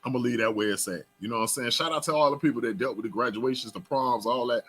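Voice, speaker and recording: A young man with a South Florida accent hosting a talk show, hyped and loud, jumping between shouting and mumbling. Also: medium pitch, fast, a little hiss or hum. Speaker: host.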